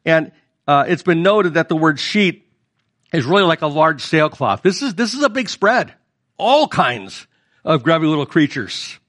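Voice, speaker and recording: A man's voice: a little high, a bit bright. A middle-aged male pastor preaching a conversational sermon and putting questions to the congregation.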